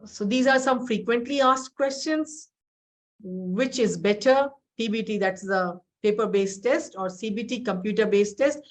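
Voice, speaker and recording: A woman's voice: mid-range voice, measured pace. Indian woman teaching an exam webinar. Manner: direct, instructive, asks rhetorical questions. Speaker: IELTS trainer.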